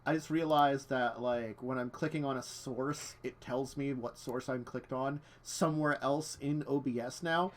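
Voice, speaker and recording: A man's voice: mid-range voice, steady tone, normal speed, few pauses. A man running a tabletop game stream as game master, chatting casually and laughing at his own technical troubles. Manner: chatty, self-deprecating, laughs often.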